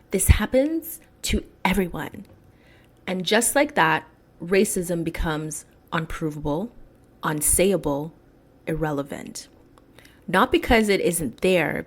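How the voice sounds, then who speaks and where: Slow, low-voiced woman podcast host. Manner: emphatic, slows down to stress key words. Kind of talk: solo podcast commentary.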